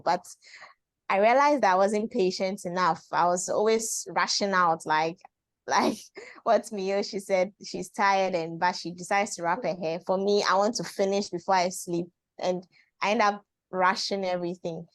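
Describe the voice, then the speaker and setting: A woman shares advice over a video call in a thoughtful, unhurried way, restarting sentences and circling back to her point. Her voice comes through close and dry, with no room sound. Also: medium pitch, steady tone, no room sound. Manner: thoughtful, repeats herself, slow build-up with fillers. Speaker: webinar contributor. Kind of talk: casual advice sharing.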